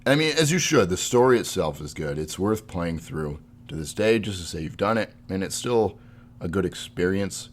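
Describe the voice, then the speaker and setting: A man's voice: low-pitched, lively intonation, normal speed. A man co-hosting a podcast in casual chat, rambling and laughing often. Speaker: podcast co-host.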